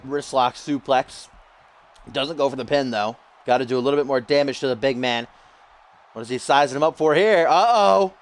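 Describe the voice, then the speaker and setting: A man doing jokey, excitable play-by-play commentary over a wrestling video game, getting loud at the big moments. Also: medium pitch, fairly quick.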